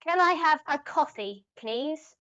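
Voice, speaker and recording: A woman's voice: sits high, animated, slow pace, a bit bright, exaggerated voice. A woman voicing a polite young café customer who orders in simple phrases. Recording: dull lo-fi audio.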